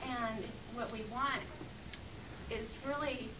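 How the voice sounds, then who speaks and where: Slow hesitant woman heard from afar. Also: a little high, steady tone. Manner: hesitant, full of fillers. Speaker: class member. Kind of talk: group discussion comment. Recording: distant, lo-fi, noisy room mic.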